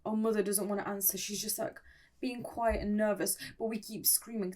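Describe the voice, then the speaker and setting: A woman's voice: medium pitch, steady tone, normal speed, a little mellow. A young woman in a casual, playful recap of an online story, chatty and laughing often, with dramatic asides.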